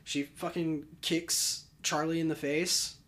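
Brief: casual podcast co-host, rambling and enthusiastic, mid-pitched voice. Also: flat delivery, takes it slowly, a bit bright. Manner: rambling, filler-heavy, enthusiastic. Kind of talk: casual movie review chat.

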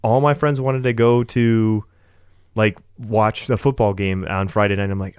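A man's voice: lowish voice, steady tone, measured pace, darkish tone, clean tone, no echo, clean studio sound. A man in casual podcast conversation who talks loosely, using "like" and "dude" a lot. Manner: casual, uses "like" and "dude" often.

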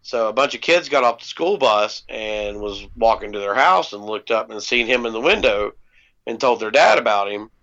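A man with a gravelly, low-fried voice at an ordinary pitch spins a rambling anecdote in an easygoing, profane way, dotted with ums. The audio is dull and lo-fi, like a home podcast recording. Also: expressive, moderate pace, a bit bright. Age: adult parent. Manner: laid-back, swears freely, many ums. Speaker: podcast co-host. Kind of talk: casual storytelling chat.

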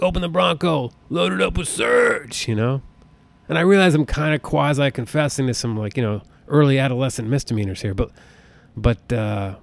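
A man's voice: medium pitch, darkish tone, no echo. A man in his thirties from the United States hosting a podcast, ranting casually in a profane, rambling, exasperated way. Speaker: podcast host.

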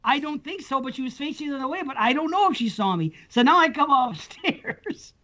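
A man's voice: very high-pitched, expressive, fairly quick, bright, forceful tone. Middle-aged man, podcast co-host, rambling profane storyteller, muffled lo-fi audio. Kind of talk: casual chat, storytelling. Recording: dull lo-fi sound.

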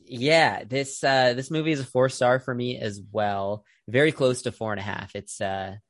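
A man's voice: mid-range voice, steady tone, moderate pace, no echo, studio quality. A man hosting a film podcast, chatting casually with plenty of fillers. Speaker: podcast host. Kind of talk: casual film review chat.

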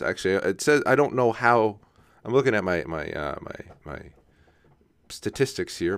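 A young man talks his way through a loose solo podcast. He laughs at himself and keeps asking "right?" as he goes. His fairly low voice sounds smooth and close, with almost no room sound. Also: no echo. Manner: casual, self-mocking, laughs often, says "right?" a lot. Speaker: podcast host. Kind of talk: rambling solo podcast monologue.

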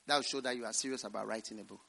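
A man preaching a revival sermon in church, swinging from loud, drawn-out scripture quotes to quiet, hushed asides. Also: lowish voice, fairly even intonation, creaky. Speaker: pastor.

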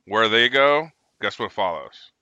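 तीस के दशक का एक आदमी, सेना का पूर्व सैनिक, जो खुलकर गालियों के साथ भटकती हुई कहानियाँ सुनाता है।. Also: male voice, lowish voice, lively intonation, a little slow, sharp tone, no room sound, dull audio. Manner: rambling, profane storyteller. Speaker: military veteran guest. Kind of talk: casual chat.

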